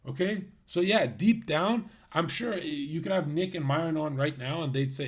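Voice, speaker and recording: Male streamer, livestream rant, brash, mocking, swears, laughs at himself, somewhat high pitch. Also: moderate pace, few pauses.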